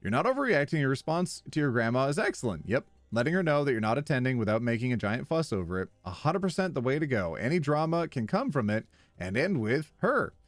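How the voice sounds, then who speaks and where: A man's voice: mid-range voice, sing-song, fast talker, hardly any pauses, dry recording. A man streaming, casually reading online posts aloud with playful, wry commentary and easy laughter.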